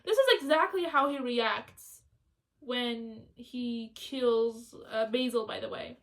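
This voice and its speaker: A young woman talking casually and excitedly in a rambling book vlog, chatty and quick. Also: fairly high pitch. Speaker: student book vlogger.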